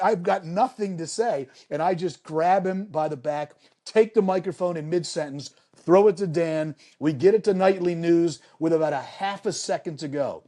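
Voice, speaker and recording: A middle-aged man, a sports broadcaster, telling lively anecdotes as a guest on a podcast and repeating phrases for emphasis. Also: a little high, moderate pace, hardly any pauses. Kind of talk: animated storytelling in a podcast interview.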